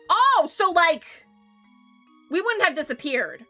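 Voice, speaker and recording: Excitable, high-voiced woman streamer. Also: slow, pauses often, faint music behind. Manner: excitable, swears, laughs often. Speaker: game streamer. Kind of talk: casual gameplay reaction.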